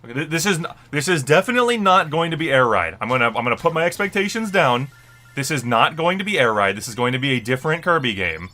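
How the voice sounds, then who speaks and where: A man streaming a live reaction, excitable and emotional, swinging from muttered guesses to shrieking and crying with joy. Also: a little high, fast talker.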